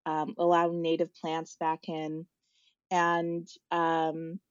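A woman's voice: sits low, monotone, slow, no echo, muffled recording. A woman podcast guest speaking reflectively and conversationally. She searches for her words and uses fillers as she tells her story.

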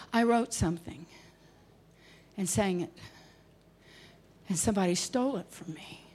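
A woman's voice: medium pitch, warm tone, husky. A woman preacher telling a personal story in a sermon, emotional and at times dropping to near whispers. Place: conference hall.

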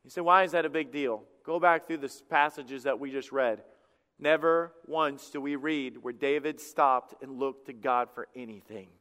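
Man, pastor, sermon, impassioned, loud-to-hushed swings, smooth resonant voice, long reverb. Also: medium pitch, normal speed.

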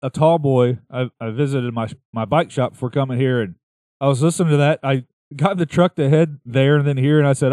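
A man's voice: medium pitch, fairly even intonation, a little fast, darkish tone, no room sound, clean studio sound. A man co-hosting a casual podcast, ranting bluntly and swearing freely about an album he hates. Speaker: podcast co-host. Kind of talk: casual chat.

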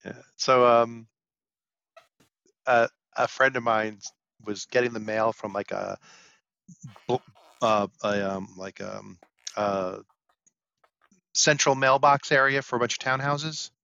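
A man in his fifties with a bright, sharp-edged voice chats on a podcast and tells lively anecdotes. The sound is dry and close, with a dull lo-fi mic quality. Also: medium pitch, slow pace, gravelly, pauses often, smooth, no room sound. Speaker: podcast co-host. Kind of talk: casual podcast chat.

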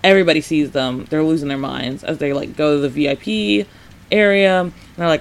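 A man hosting a casual solo podcast retrospective, chatty and animated, saying "like" often, laughing and acting out characters' lines. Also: high-pitched, moderate pace, vocal fry, smooth. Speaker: podcast host.

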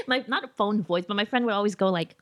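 A woman's voice: mid-range voice, lively intonation, normal speed, a bit bright. A woman comedian chatting as a podcast guest, laughing often and telling stories with animation. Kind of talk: casual chat.

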